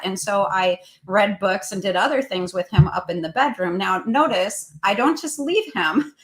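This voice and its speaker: A woman sharing a parenting story on a talk show. She speaks earnestly and conversationally, often pausing with ums as she works through the details. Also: mid-range voice, fairly bright tone, poor audio. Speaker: co-host, parent.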